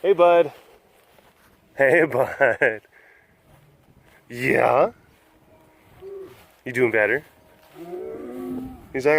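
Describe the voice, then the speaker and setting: A man vlogs his way through an outdoor animal compound in a mid-range, creaky voice, speaking very slowly with frequent pauses. He's chatty and jokey, and he coos at the big cats as he goes.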